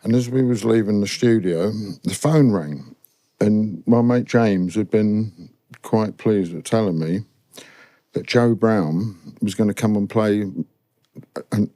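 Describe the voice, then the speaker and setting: An older man speaks with a lowish, mellow voice, spinning anecdotes in a relaxed studio interview. The sound is dry and close on the microphone. He slips into other people's voices as he tells his stories. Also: slow pace, no echo. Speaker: guest musician. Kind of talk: casual storytelling interview.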